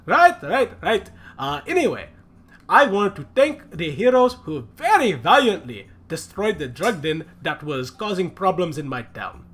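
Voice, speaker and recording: A man's voice: high voice, big pitch swings, measured pace, a bit bright, husky, soft background music, full character voice. A man voicing a pompous older male elephant-folk mayor who talks in a chatty, self-important way. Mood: jovial.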